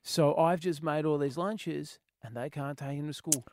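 A man hosting a radio show, telling a comic story with energetic, punchy exclamations. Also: a little high, moderate pace, a little hiss or hum. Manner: energetic, punchy exclamations, yells in retold scenes. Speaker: radio host.

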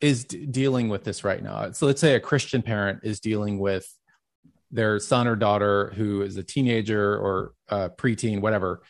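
A man's voice: fairly low pitch, fairly even intonation, moderate pace, creaky. A male podcast host talking in a heartfelt, rambling way, with many "like"s and restarts. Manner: heartfelt, rambling, says "like" often. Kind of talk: casual interview chat.

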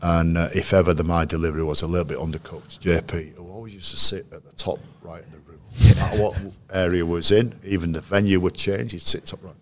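Male coach, very deep voice, measured storyteller, lots of restarts. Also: fairly even intonation. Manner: anecdotal, measured, with frequent restarts. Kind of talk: interview storytelling.

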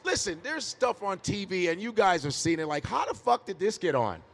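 Animated, foul-mouthed comedian. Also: male voice, high-pitched, normal speed, creaky. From Chicago. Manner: animated storyteller, swears freely, laughs often. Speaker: stand-up comedian, podcast guest. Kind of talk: casual interview chat. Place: live podcast stage.

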